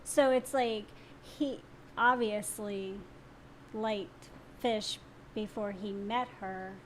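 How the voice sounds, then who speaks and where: A woman's voice: medium pitch, fairly even intonation, very slow, a little hiss or hum. A woman co-hosting a casual live stream, dropping teasing asides. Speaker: co-host.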